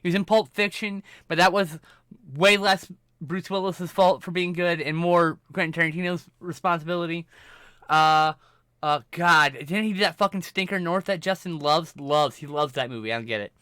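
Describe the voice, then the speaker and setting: Profane, animated male streamer, high bright voice. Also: normal speed, smooth, dry recording, clean studio sound. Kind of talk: casual livestream rant.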